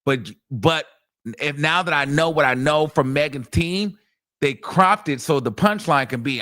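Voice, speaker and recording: A man hosting a casual commentary stream, talking in a chatty, animated and profane way, with lots of fillers. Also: on the high side, unhurried. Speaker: host.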